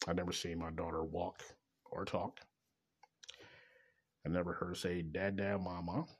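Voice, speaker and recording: A middle-aged man with a very low, husky voice rants in a rambling personal monologue. His talk is bitter and laced with profanity. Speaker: father venting about child support.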